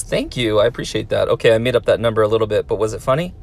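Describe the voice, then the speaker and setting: Teacher-type host, male, reads comments, friendly and upbeat, mid pitch. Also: racing, hardly any pauses. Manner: friendly, encouraging, talks to kids. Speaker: teacher and YouTube host reading viewer comments. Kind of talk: casual chat reading comments aloud.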